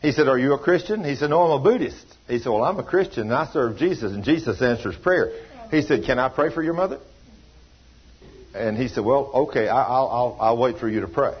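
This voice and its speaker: A man's voice: mid-range voice, brisk, breathy edge, highs cut off. A man preaching a sermon, telling a story and acting out the voices of the people in it, in a folksy, down-home way. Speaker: pastor.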